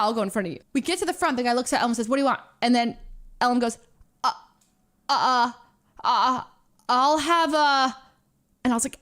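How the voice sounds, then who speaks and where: Chatty woman telling a rambling story. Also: on the high side. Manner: chatty, rambling with many fillers and restarts. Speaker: streamer reacting to her own vlog. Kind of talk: casual storytelling chat.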